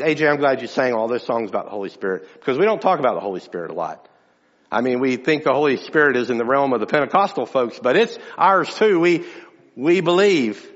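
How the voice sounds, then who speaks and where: A man's voice: medium pitch, a bit bright. A man preaching a sermon to his church in a conversational, emphatic way, often restarting his phrases. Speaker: pastor. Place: church sanctuary. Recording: dull sound with long hall reverb.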